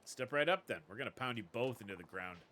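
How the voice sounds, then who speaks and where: A man's voice: medium pitch, animated, quick pace, pushed and bright, a little hiss or hum. A man voicing cocky, sleazy male club touts who push women with leering come-ons.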